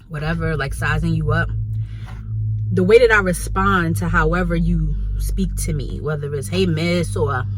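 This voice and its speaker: A woman's voice: lowish voice, slight background noise. A woman from New York with a New York accent, telling a story in a casual, slangy and blunt way for her vlog from a restaurant. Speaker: vlogger. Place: Chinese restaurant, indoors.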